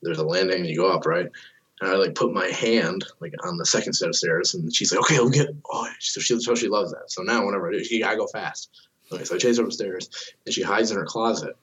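A man's voice: low-pitched, fast, fairly bright tone, slightly rough. A man in his thirties chatting casually as a podcast host, swearing freely and acting out quotes in a raised voice. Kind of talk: casual chat.

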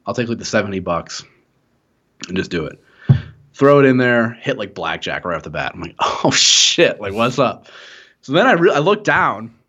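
A man's voice: lowish voice, very animated, moderate pace, pushed and bright, husky. A young man spins a long tale on a casual podcast. He rambles, swears freely and laughs often. The recording sounds slightly muffled and lo-fi. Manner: rambling, profane, laughing storyteller. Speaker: podcast co-host. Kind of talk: casual storytelling chat.

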